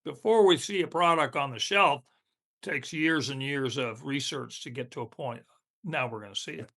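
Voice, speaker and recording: A podcast co-host with a medium-pitched, creaky, fairly bright voice chats casually at a moderate pace. He laughs a lot and talks while eating.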